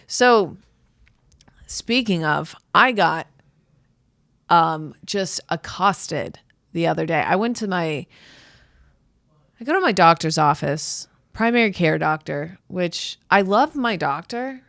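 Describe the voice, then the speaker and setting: A woman's voice: fairly low pitch, animated, slow pace, gravelly, pauses often, fairly bright tone, no echo, clean studio sound. A woman in her thirties hosting a podcast, telling a rambling, self-deprecating comedic story full of "like" and restarts. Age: 30s. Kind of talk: casual comedic monologue.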